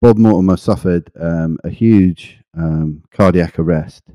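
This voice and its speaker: Podcast guy, low mellow voice, rambly, dry close mic. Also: a little slow, no echo. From England. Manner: rambling, enthusiastic, many fillers. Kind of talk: casual chat.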